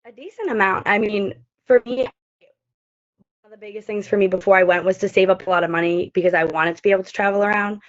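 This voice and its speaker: A woman's voice: mid-range voice, steady tone, quick pace. Young woman chatting on a lo-fi call. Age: young adult. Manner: chatty, many fillers. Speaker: study abroad alumna. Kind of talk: casual chat. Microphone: video call. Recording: lo-fi video call audio.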